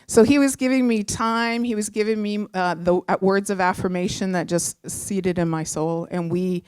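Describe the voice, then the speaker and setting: On a live show, a middle-aged woman tells a personal story in an animated, chatty way, full of small fillers and restarts. Her voice is smooth and middle-pitched at a normal pace, recorded dry and close with no room echo.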